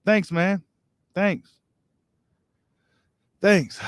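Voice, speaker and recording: A man with a fairly high voice hosts a boxing live stream. He reads viewer comments and answers them in loose, slangy chat. The sound is close and dry, with no room around it. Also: animated, normal speed, no room sound. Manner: casual, slangy, talks straight to viewers. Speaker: boxing channel host.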